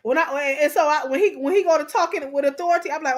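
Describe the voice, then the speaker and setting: High-voiced, animated woman talk host. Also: very fast. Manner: animated storytelling, repeats phrases for emphasis; speaks straight to the audience. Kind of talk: casual chat.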